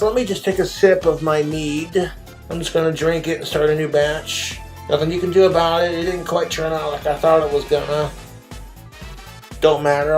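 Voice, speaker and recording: Man ranting crudely in a vlog. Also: a little high. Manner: crude, profane, aggrieved. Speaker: online video creator.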